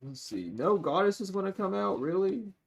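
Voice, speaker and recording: A man's voice: very animated, moderate pace, vocal fry. Profane, blunt male tarot reader. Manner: blunt and profane, swinging between loud outbursts and low mutters. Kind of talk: live-streamed tarot reading.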